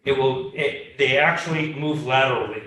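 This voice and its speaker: A man giving a storytelling lecture to a live audience on coastal science, lively and acting out the dialogue in his anecdotes. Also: mid-range voice, moderate pace. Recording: echoey room, heard from far off.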